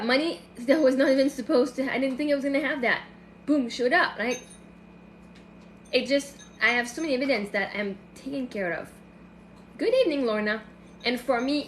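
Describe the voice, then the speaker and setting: High-voiced woman on a phone livestream. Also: echoey room, a little hiss or hum. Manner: emotional, rambling, with many restarts and fillers. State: tearful at times. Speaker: livestream host. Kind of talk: casual late-night livestream chat.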